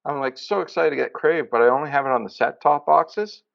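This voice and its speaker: A man co-hosting a podcast, chatting casually and telling rambling, excitable stories. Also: fairly high pitch, a little fast, gravelly. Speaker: podcast co-host. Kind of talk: casual chat. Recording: dull lo-fi sound.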